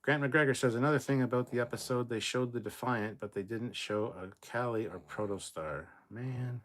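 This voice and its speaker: This middle-aged livestream host has a mid-range voice and talks at normal speed while going through viewer comments. It's casual, easygoing chat reading, with plenty of swearing.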